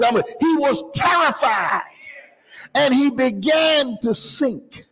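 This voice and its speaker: A pastor preaching a fervent sermon, often rising to a shout and dropping into joking asides. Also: male voice, extremely high pitch, sing-song, unhurried, breathy edge, in a large hall, low-quality recording. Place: church sanctuary.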